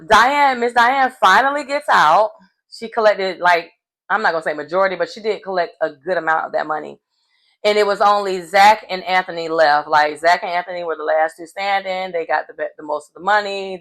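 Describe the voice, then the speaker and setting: A woman gives a casual, animated, slangy recap of a reality show episode. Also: on the low side, low-quality recording. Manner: animated, slangy, chatty storytelling. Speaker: recap host.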